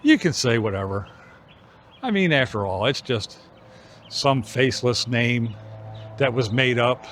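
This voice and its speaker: A middle-aged man vlogging on an evening walk outdoors, musing in an unhurried way with pauses between phrases. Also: mid-range voice, expressive, a bit bright, a little hiss or hum. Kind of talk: reflective walking vlog chat.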